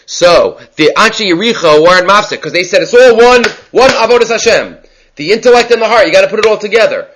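A man teaching a Talmud class, explaining in a quick, conversational way and mixing in Hebrew and Aramaic terms. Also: sits high, animated, a bit bright, slight background noise.

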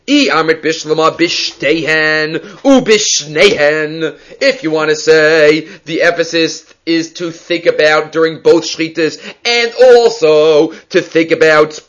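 A man's voice: fairly high pitch, a bit bright. Man teaching Talmud, step by step. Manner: explains step by step, mixes Hebrew and Aramaic terms into English. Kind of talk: daf yomi Talmud lecture. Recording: dull lo-fi audio.

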